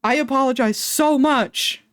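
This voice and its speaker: A woman streamer chatting casually on a live stream, self-deprecating and quick to laugh. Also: high voice, fairly bright tone, no echo, clean studio sound. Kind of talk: casual livestream chat.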